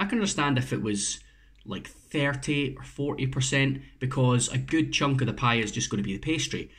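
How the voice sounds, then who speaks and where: Chatty man reviewing food. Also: medium pitch. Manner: chatty, self-correcting, casually sweary. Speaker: food reviewer, channel host. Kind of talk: casual review vlog.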